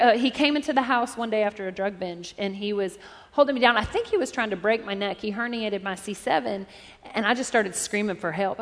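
Female pastor with a high voice, testimony-driven sermon with impassioned delivery, captured in a big reverberant hall. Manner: personal testimony building to impassioned preaching.

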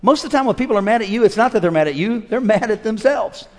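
A fifty-something pastor preaching in a church hall, his fairly high voice trailing off into a long reverb. He swings from loud exhortation to hushed, chatty storytelling. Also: fast. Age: 50s. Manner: animated preacher, shifts from shouting to quiet storytelling. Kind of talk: sermon.

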